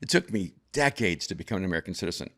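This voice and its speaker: A man's voice: sits low, lively intonation, very fast, a bit bright. A man over fifty from El Salvador, a guest telling stories in a reflective way with frequent restarts. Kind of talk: conversational storytelling.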